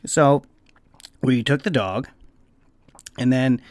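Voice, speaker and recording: A man casually telling a story on his vlog. He swears freely and breaks into squeaky bird noises. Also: takes it slowly, a little mellow, no echo. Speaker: vlogger.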